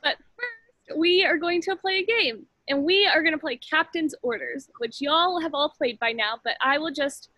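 A woman's voice: high-pitched, expressive, normal speed, pushed and bright, dry recording, low-quality recording. A woman children's ministry leader cheerfully explaining game rules to kids, laughing and encouraging them.

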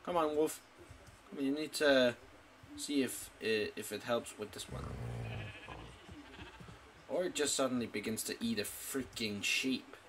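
A gaming YouTuber gives casual let's-play commentary, talking to his in-game pet and squealing when delighted. His medium-pitched voice is a bit bright and measured, with long pauses, picked up on a desktop mic with a little hiss or hum.

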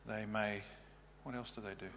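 Plain-spoken pastor in a reverberant hall. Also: male voice, fairly low pitch, fairly even intonation, moderate pace, fairly bright tone. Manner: plain-spoken, practical, matter-of-fact. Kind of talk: teaching sermon. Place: church hall. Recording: reverberant hall, faint hum.

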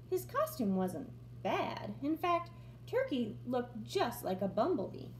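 Expressive teacher reading a storybook. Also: female voice, a little high, a little slow, slight background noise. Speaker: first grade teacher. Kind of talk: reading a picture book aloud. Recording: roomy echo.

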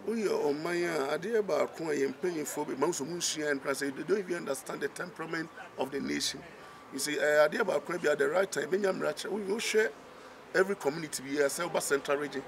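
A Ghanaian man, a reverend and counsellor, giving fast and emphatic commentary that switches between Twi and English. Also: a little high, noisy background.

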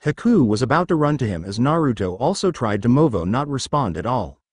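A man's voice: mid-range voice, big pitch swings, a little fast, husky, no room sound. A man reading a fanfiction story aloud as narrator.

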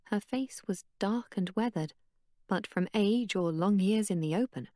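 A woman narrating an audiobook in a steady, even storytelling manner. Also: mid-range voice, unhurried, no echo, studio quality. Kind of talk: scripted narration.

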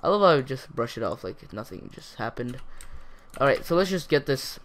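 A man casually commenting as he plays a video game, rambling and chatty with sudden bursts of excitement. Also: mid-range voice, normal speed. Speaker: gaming YouTuber. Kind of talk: casual let's-play commentary.

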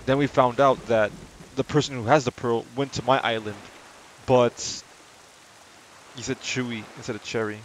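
A chatty streamer at home, reading game dialogue aloud between casual, self-deprecating asides. His voice sits at an ordinary middle pitch, with soft rain sounds from the game patter behind him. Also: steady tone, normal speed, pauses often, a little hiss or hum.

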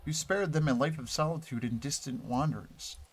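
A man reading the lines of a gentle, motherly creature queen from a video game, in a soft and formal manner. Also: fairly high pitch, a little fast, a little hiss or hum, lightly acted. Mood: grateful.

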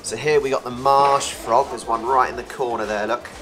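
This travel vlogger from England speaks at a normal speed with a steady tone and medium pitch, while music plays in the background. He chats playfully about the creatures he passes, filming a casual walk-and-talk through an outdoor wildlife park and reptile house.

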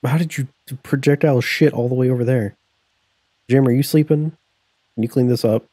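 A man's voice: mid-range voice, fairly even intonation, fairly quick, warm tone, slightly rough, no room sound, clean studio sound. A young man live-streaming a life-sim game, cursing, joking and laughing as he reacts to what happens. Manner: profane, joking, laughs often. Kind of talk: casual live-stream commentary while playing.

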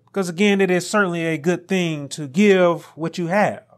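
A man preaching a sermon as pastor, building to emphatic peaks and dropping to quiet asides. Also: high-pitched, moderate pace.

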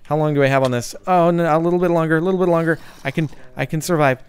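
Excitable young man gaming. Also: a little high, fast talker, smooth. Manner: excitable, jokey, yelps and sing-song chants. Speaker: gaming YouTuber. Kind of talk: let's play commentary.

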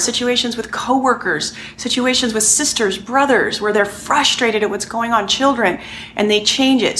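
A middle-aged woman giving a conversational coaching lesson, animated and repeating points for emphasis. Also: on the high side, slight background noise. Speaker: life coach.

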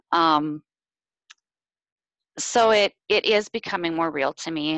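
A woman's voice: low voice, fairly bright tone, no room sound, poor audio. A woman sharing reflections on a video call, nervous and hesitant, with many ums. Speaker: team member sharing reflections. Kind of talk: casual live video chat.

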